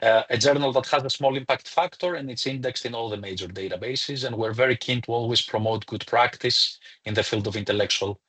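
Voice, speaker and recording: A man's voice: mid-range voice, fairly quick, few pauses, fairly bright tone, breathy edge. A man, a lecturer, hosting a live online webinar in a chatty, welcoming way with some fillers, speaking into a computer mic.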